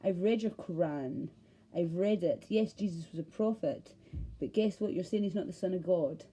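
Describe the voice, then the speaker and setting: Glaswegian woman vlogger with a mellow, husky voice; passionate, sweary rambling rant. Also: fairly low pitch, moderate pace, rough recording. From Scotland. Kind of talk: ranting monologue.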